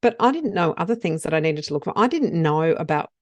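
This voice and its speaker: Woman, middle-aged, candid podcast co-host, low-ish voice, dry close mic. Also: big pitch swings, quick pace, a little mellow, dry recording. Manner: candid, laughs about her own past mistakes. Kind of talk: casual podcast chat.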